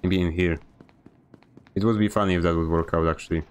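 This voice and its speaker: A man's voice: low-pitched, steady tone, fairly quick, clear, resonant tone. A man streaming a video game, giving a sarcastic, grumbling running commentary. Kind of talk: live gameplay commentary.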